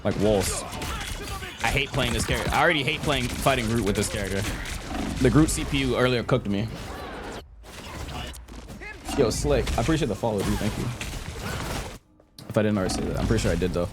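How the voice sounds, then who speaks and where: Young man streamer with a lively voice. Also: lowish voice, fairly quick, pauses often, music in the background. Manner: joking, teasing a chatter, laughs often. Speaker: game streamer. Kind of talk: casual live-stream chat while gaming. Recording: game sounds and noise behind.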